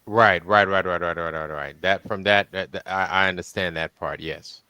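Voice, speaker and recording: A man hosting a casual podcast, relaxed, repeating himself and reading out listener comments. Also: sits low, normal speed, smooth, no echo. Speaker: podcast host. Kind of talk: casual chat.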